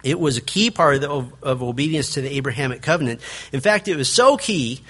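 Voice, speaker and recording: Man preaching a sermon, slightly high. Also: a bit bright. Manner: earnest preaching, reads scripture aloud and acts out quotes. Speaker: pastor.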